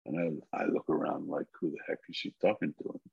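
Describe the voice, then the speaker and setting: Gravelly low-voiced older man telling stories. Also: quick pace, no echo. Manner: animated storyteller who acts out the dialogue. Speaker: guest. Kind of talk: storytelling in a podcast interview. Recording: slightly muffled recording.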